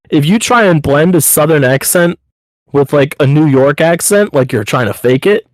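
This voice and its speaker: This podcast co-host has a slightly high male voice recorded with no room sound. Chatting casually, he rambles upbeat and loose, leaning heavily on "like."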